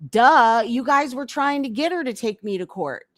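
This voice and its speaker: A woman's voice: on the high side, expressive, normal speed, no echo. Blunt woman livestreamer, dry close sound. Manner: blunt, emphatic, repeats her points. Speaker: commentary livestream host. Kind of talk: casual livestream commentary.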